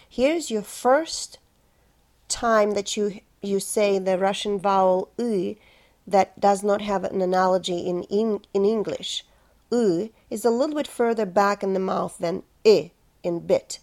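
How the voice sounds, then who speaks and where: A woman's voice: medium pitch, a little slow, a little mellow. A woman coaching choir singers on pronunciation, saying words carefully syllable by syllable. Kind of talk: slow pronunciation lesson.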